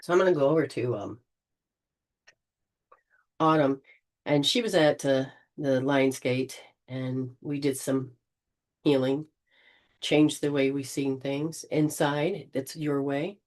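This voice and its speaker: A woman leading an informal spiritual healing session, gently coaching and often restarting her sentences. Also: very deep voice, steady tone, slow, long pauses. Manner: rambling, with frequent restarts and throat clearing.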